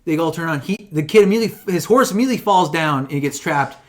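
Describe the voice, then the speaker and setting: A man co-hosting a podcast, retelling a film plot in casual chat, acting out the characters in quick voices and swearing freely. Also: a little high, lively intonation. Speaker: podcast co-host.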